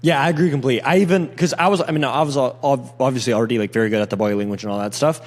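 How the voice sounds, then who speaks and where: Fast-talking young man, roomy echo. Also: medium pitch. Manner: fast, animated, acts out sales call lines. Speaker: sales closer. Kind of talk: casual podcast chat.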